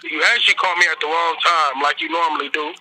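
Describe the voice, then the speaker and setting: A man's voice: a little high, flat delivery, quick pace, sharp tone, slight background noise. A man called into a podcast, answering in a teasing, offhand way over a phone line.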